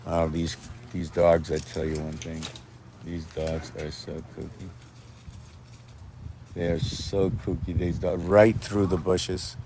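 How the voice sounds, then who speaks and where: A man's voice: low voice, level tone, takes it slowly, pauses often, background noise. A man rambling freely in a casual self-made video, jumping from idea to idea and stopping to talk to his dogs. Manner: rambling, free-associating, talks to his dogs. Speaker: video maker. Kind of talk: rambling monologue. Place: outdoors with dogs.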